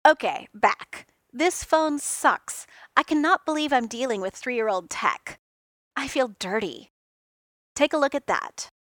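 Brash, impatient inventor guy, snappy and loud, pitched a touch high, read by a woman. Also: lively intonation, a little slow, no room sound, studio quality. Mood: exasperated. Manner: snappy and exasperated. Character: brash, impatient genius inventor, adult man.

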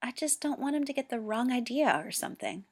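A woman's voice: a little high, very animated, brisk, voice pushed up. A woman reading a story aloud and voicing a flustered, defensive teenage boy Go player who talks in raised, indignant bursts. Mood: sullen. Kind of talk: amateur audiobook reading.

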